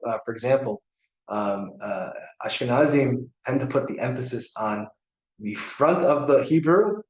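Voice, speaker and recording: Brief: American man, rabbi teaching a class, chatty and halting, mid-pitched, echoey classroom. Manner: conversational, many fillers and restarts, checks on students. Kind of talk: informal class lecture. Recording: echoey room.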